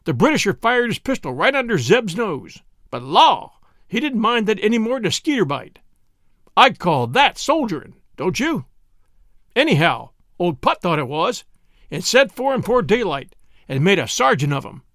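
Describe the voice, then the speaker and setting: A man's voice: high-pitched, very animated, normal speed, fairly bright tone, no room sound, clean studio sound, exaggerated voice. A man doing a drawling old rustic cobbler. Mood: sly.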